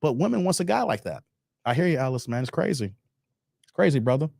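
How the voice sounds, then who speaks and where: A man's voice: medium pitch, big pitch swings, quick pace, gravelly, a little mellow, no room sound, studio quality. A man hosting a casual live stream, reading out chat messages and talking straight to his viewers in slang, with "man" and "guys" in nearly every sentence. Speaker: live-stream host reacting to videos and chat.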